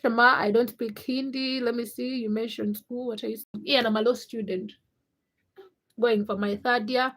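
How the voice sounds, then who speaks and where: A young woman chats on her own livestream. She greets viewers one by one and talks openly between greetings. Her voice sits a little high for a woman's. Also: fairly even intonation, moderate pace, fairly bright tone. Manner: reads viewer names and greets them, then tells a personal story. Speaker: livestream host. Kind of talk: casual livestream chat.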